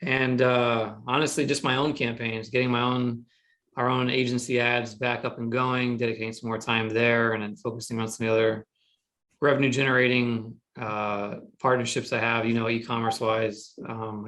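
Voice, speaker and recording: A man's voice: mid-range voice, little pitch movement, normal speed, a bit bright. Easygoing joking man on a call. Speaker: agency owner. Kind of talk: casual roundtable chat.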